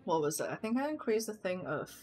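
A young woman streaming a game, thinking aloud and getting loud and excited when things go wrong. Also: lowish voice, fast talker, faint music behind. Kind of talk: live gameplay commentary.

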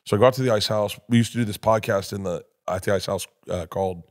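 A man, a comedian guest on a podcast, telling loud rambling stories, acting out other people's voices and laughing often. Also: on the low side, fast. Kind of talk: casual podcast storytelling.

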